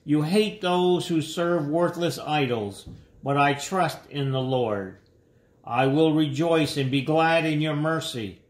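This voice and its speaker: A man reading psalms and prayers aloud in a measured, solemn way. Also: a little high, roomy sound. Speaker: scripture reader.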